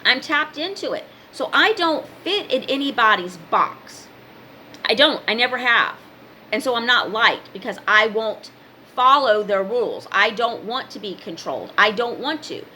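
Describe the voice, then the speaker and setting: A woman's voice: fairly high pitch, expressive, a little slow, bright, forceful tone, slight background noise. A woman in her fifties giving a blunt, emphatic motivational talk in a casual vlog. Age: 50s. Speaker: spiritual vlogger and card reader.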